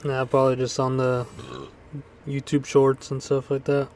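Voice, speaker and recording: A man's voice: medium pitch, monotone, moderate pace, a little mellow, slight background noise. A man co-hosting a casual podcast, laid-back and laughing often. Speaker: podcast co-host. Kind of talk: casual chat.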